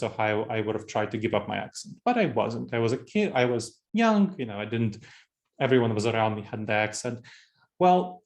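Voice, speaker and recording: A man in his forties from Moldova with an Eastern European accent, giving a conversational leadership presentation and repeating key phrases for emphasis. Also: mid-range voice. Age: 40s. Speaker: keynote speaker.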